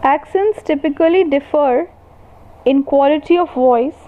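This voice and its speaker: A woman university lecturer giving a recorded lecture, slowly and deliberately defining terms one by one. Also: high-pitched. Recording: tinny phone-like sound.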